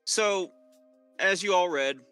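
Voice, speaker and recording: A woman's voice: lowish voice, slow pace, fairly bright tone, clear, resonant tone, no room sound, soft background music. A British woman co-hosting a casual stream chat, giggling often and reading chat messages aloud. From Britain. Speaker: streamer co-host.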